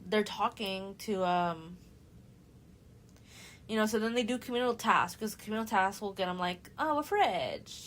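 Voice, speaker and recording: A young woman hosting a podcast, recapping a book in a casual, animated way and slipping into quick voices for the characters. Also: medium pitch, a little hiss or hum. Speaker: podcast host.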